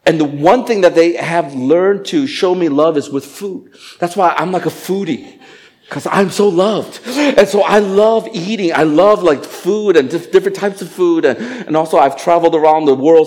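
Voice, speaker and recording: Animated male pastor preaching. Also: a little high, moderate pace. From Asian family background. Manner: animated, acts out voices and jokes. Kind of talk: sermon.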